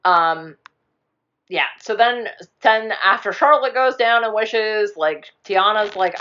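A young woman tells a movie's plot in a loose, rambling way, swearing casually and slipping into quick voices for the characters. Her voice sits in an ordinary middle register. The recording sounds a bit muffled and dull. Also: mid-range voice, lively intonation, sharp tone. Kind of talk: casual chat retelling a movie.

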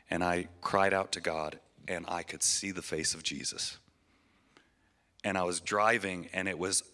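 A man in his thirties, his low voice pushed and bright, gives an earnest, emotional testimony during a church sermon. He frequently restarts his phrases.

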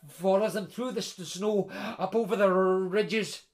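Male storyteller, animated, high-pitched voice, stammers for effect. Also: measured pace, hardly any pauses. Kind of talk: oral storytelling to listeners.

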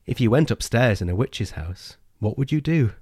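A gentle woman reading a fairy tale to a child on her knee, quietly coaxing him with questions, as a man reads her part. The delivery is soft and low-key. It sits dry and close to the mic. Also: expressive, normal speed, slightly rough, no room sound.

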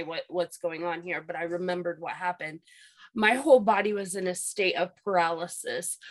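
A woman with a medium-pitched voice tells a personal paranormal experience as a guest in a casual chat, and the recording quality is low. She rambles, repeats herself, and uses lots of fillers.

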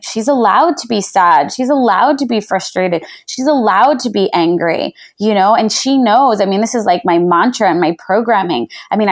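A woman in her thirties, a parenting coach, talking earnestly and from the heart in a reflective podcast conversation, full of "you know" and "like.". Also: medium pitch.

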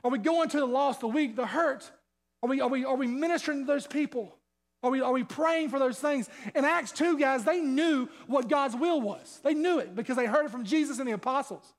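A man's voice: extremely high pitch, a little fast. A male pastor preaching a sermon, fired up, firing off rhetorical questions and repeating himself. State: sweating.

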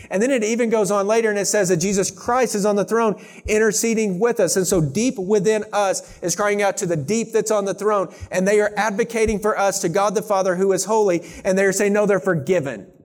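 Male preacher, slightly high voice, fervent sermon that swings from loud to hushed. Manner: passionate, swings from loud scripture reading to hushed intensity.

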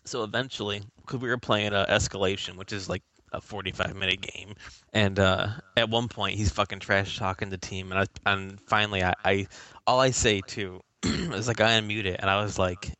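A man's voice: on the low side, fairly even intonation, normal speed, bright, forceful tone. A man co-hosting a casual podcast, rambling through a gaming story with lots of swearing and exasperated outbursts. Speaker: podcast co-host. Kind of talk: casual chat.

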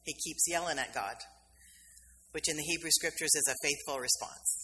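A woman's voice: deep voice, normal speed, sharp tone. A woman minister giving a sermon in a conversational storytelling manner, acting out the voices of the people in her story. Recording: reverberant hall, faint background noise.

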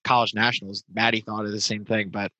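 A man from New Jersey with a low but bright, forceful voice talks in hesitant, filler-heavy casual chat. The recording is dry and close. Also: little pitch movement, fast, no room sound, muffled recording. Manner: hesitant, stacks filler words.

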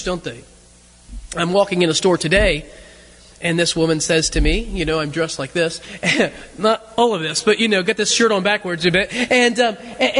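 High-pitched guy preaching, tells it like a story, trips over his words a lot, big echoey hall. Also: a bit bright. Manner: halting, repeats words often as he tells a story. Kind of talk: sermon told as a conversational story. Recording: long reverb of a large hall.

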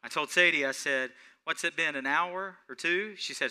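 A man preaching a sermon, building to rising, emphatic passages and slowing to stretch out key phrases. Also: fairly high pitch, pushed and bright, clear, resonant tone. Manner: preaching with swelling intensity and slow, drawn-out emphasis. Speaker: pastor.

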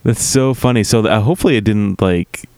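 A man's voice: fairly low pitch, fairly quick, a little mellow, no echo. A man co-hosting a casual chat show, laughing often as he talks. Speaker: podcast co-host.

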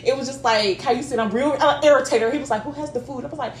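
A woman co-hosting a podcast in casual chat, telling animated, profane stories and laughing often. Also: high-pitched, quick pace, echoey room, slight background noise. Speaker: podcast co-host.

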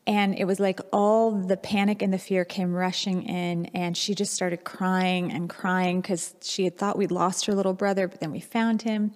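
A woman's voice: mid-range voice, a little mellow. Woman preaching in a reverberant hall. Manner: candid, reflective storytelling. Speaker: pastor. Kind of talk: sermon with personal storytelling.

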